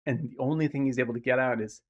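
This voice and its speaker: Animated man retelling a film scene. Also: mid-range voice, rapid-fire, highs cut off. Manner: animated, acts out characters' lines mid-story; swears casually. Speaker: podcast co-host. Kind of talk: casual film discussion.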